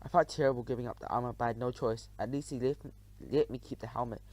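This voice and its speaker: A man narrating a children's adventure audiobook in the first person, telling it in an expressive, dramatic way. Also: medium pitch, fast talker, no echo, rough recording.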